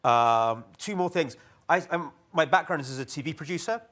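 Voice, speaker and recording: Animated male panelist, former TV producer. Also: on the high side. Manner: animated, repetitive, quick asides. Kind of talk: panel discussion talk.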